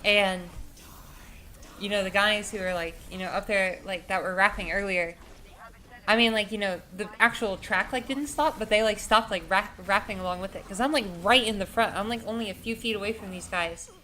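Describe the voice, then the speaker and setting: A woman's voice: medium pitch, normal speed, sharp tone, slight background noise. A young woman vlogger telling a story in a casual, rambling way, full of filler words and swearing.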